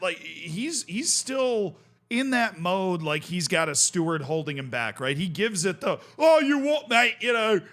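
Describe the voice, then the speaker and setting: A young man hosting a casual reaction video, commenting in an amused, excitable way and often laughing. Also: fairly high pitch.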